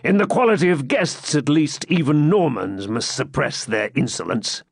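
A man's voice: on the high side, expressive, moderate pace, gravelly, husky, no echo, studio quality, heavily acted. A man reading as a bitter old Saxon lord. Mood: grudging. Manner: declaiming, indignant. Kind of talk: audiobook character reading.

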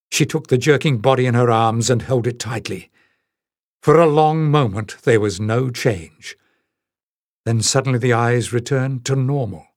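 A man narrating a fantasy audiobook in a measured, dramatic storytelling manner. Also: medium pitch, dry recording, clean studio sound. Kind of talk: scripted narration.

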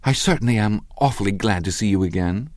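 A man's voice: lowish voice, quick pace, a little mellow, dry recording, studio quality, voice pushed up, natural voice. A man voicing a graceful young society woman in an audiobook, with a light, artificial, matter-of-fact delivery. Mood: airy. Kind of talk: audiobook reading.

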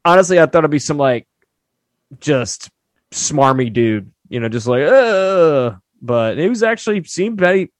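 A man's voice: on the high side, expressive, normal speed, no room sound, studio quality. A man co-hosting a podcast, chatting loosely about a TV show and filling his talk with "like". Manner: loose and filler-heavy, often saying "like". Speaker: podcast co-host. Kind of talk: casual chat, recapping a TV show.

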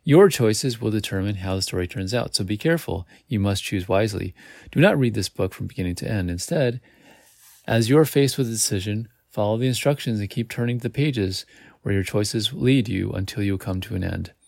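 A man's voice: fairly low pitch, expressive, fairly quick, creaky, darkish tone, dry recording, clean studio sound. A man hosting a podcast, reading a gamebook aloud in a casual way, with slips and self-corrections. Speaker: podcast host.

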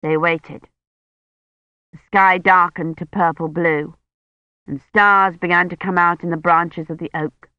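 Female audiobook narrator, measured storytelling, lowish voice, dry close read. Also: steady tone, no room sound. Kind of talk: scripted narration. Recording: muffled dry studio recording.

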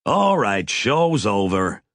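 A man's voice: fairly low pitch, very animated, slow, a bit bright, no room sound, clean studio sound, exaggerated voice. A man voicing a brash, hotheaded crewman who talks with cocky swagger and taunts. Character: brash, hotheaded male crewman, gun-happy.

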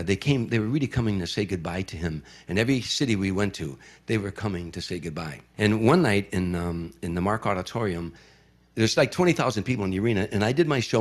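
A middle-aged man telling a story in casual conversation, building the drama and dropping into hushed tones. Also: lowish voice.

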